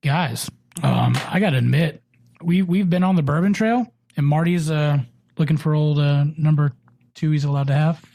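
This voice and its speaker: A man hosting a podcast, easygoing and chatty, quick to agree with his guest. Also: a little high, gravelly, dark tone, a little hiss or hum. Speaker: podcast host. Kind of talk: casual podcast chat.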